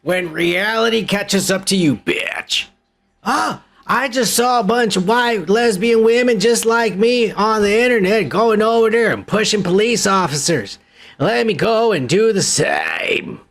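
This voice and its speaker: A man's voice: sits high, animated, a little slow, fairly bright tone. A man from Texas hosting a podcast, ranting in crude, mocking, profanity-laced commentary. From Texas, USA. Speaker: podcast host.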